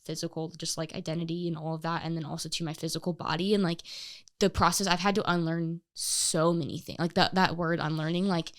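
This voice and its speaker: A woman co-hosting a casual podcast chat, talking in an emphatic, animated way with many fillers and restarts. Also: low-pitched, a little fast. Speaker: podcast co-host.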